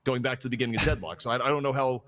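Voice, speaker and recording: A man's voice: medium pitch, racing, fairly bright tone. A man casting an esports match, giving analytical commentary and thinking aloud with frequent restarts. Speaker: esports caster.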